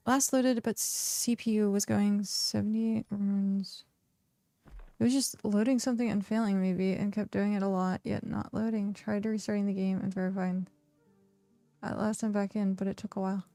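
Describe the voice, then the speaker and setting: A woman game streamer talks casually to her chat, reading viewer questions aloud and rambling through fillers and restarts. Her voice carries a gravelly vocal fry. The sound is dry, close and up front. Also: mid-range voice, steady tone, a little slow, long pauses, warm tone, dry recording. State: hiccuping.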